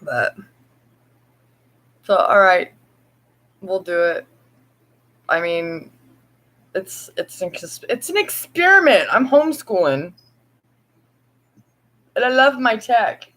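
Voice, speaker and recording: Female vlogger, unhurried and meandering, mid-pitched, chatty with frequent laughs. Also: very animated, fairly bright tone, poor audio. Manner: rambling, laughing, slow and drawn-out. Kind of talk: casual late-night chat to viewers. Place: home at night.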